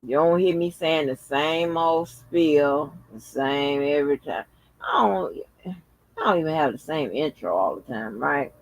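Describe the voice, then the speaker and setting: A man's voice: a little high, expressive, measured pace, no room sound, rough recording. A man hosting his own channel, talking casually and with lots of exclamations, chatting straight to his viewers and swearing freely. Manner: chatty, profane, exclamatory, addresses viewers as y'all. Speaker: channel host. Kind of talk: casual vlog commentary.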